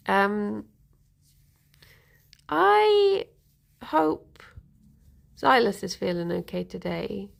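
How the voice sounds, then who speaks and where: A woman's voice: medium pitch, creaky. A young woman chatting casually on a live stream, giggling and answering viewer comments.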